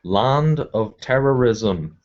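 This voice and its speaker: A man's voice: mid-range voice, animated, slow, darkish tone, lo-fi sound. A man bantering crudely and teasingly on a group voice call. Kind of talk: casual group chat over voice call.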